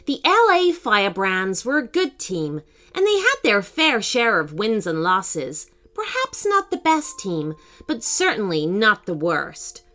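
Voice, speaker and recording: A woman narrating a children's story as host of a podcast, in an expressive, sing-song storyteller's manner. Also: medium pitch.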